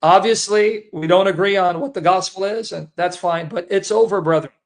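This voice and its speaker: Earnest high-voiced man, emotional. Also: moderate pace. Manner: earnest, repetitive, addresses listeners as brethren. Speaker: Christian apologist livestream host. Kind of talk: emotional personal statement on livestream.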